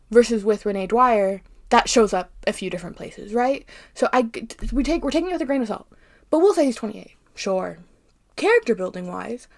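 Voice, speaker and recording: Animated, profane young woman ranting. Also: fairly high pitch. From Arizona. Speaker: book commentary host. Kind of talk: casual rant-style book commentary.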